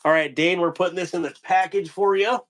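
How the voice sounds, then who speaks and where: A man's voice: sits high, fairly even intonation, fairly quick, a bit bright. A man hosting a casual live stream, rambling loosely and telling corny jokes to his viewers.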